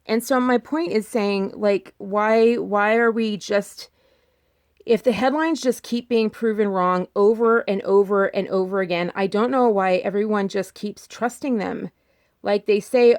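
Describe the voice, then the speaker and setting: An insistent woman delivers casual vlog commentary in a mid-range voice. She circles back over her points and throws out rhetorical questions. Her pitch leaps upward whenever she presses a point hard. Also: steady tone, measured pace, darkish tone. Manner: insistent, repeats herself, fires rhetorical questions; pitch jumps up when emphatic. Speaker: vlogger.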